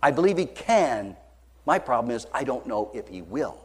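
A man preaching a sermon, telling a story dramatically, moving between hushed lines and loud, high passages. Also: sing-song, normal speed, breathy edge. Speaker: pastor.

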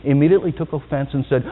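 A male pastor delivers a dynamic sermon, dropping to quiet, low asides and then climbing to loud, high-pitched exhortations. His voice has a very lively pitch. It comes through a tinny, phone-like recording with a long reverb from the hall.

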